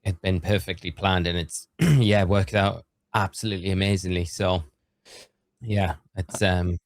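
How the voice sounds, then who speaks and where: A man with a low voice talks in a halting, hesitant way on a casual podcast. The sound is dry and close, with no room in it. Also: fairly even intonation, dry recording. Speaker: podcast co-host. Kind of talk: casual chat.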